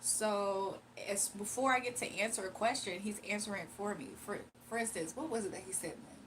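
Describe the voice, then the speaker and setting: A woman's voice: medium pitch, a little fast, fairly bright tone, slight background noise, poor audio. Tired young woman rambling on her stream, confiding, kinda slangy. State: sleepy and tired. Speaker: livestream host. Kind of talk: casual storytelling on a livestream.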